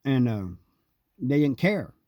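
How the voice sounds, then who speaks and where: Mellow-voiced man telling a story. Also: medium pitch, sing-song, slow pace, no room sound. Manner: rambling, easygoing, frequent "and, uh" fillers. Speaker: host telling prison stories. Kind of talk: casual spoken storytelling.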